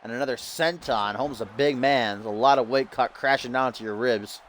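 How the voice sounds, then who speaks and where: A man giving lively play-by-play commentary on a video game wrestling match, getting loud at big moments. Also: medium pitch, a little fast, slight background noise. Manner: excitable, shouts at big moments.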